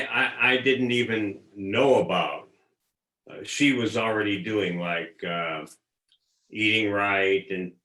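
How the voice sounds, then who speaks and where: Slow thoughtful old guy, kinda bright voice, echoey room. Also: low-pitched. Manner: slow, reflective, hesitant. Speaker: guest. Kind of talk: casual storytelling.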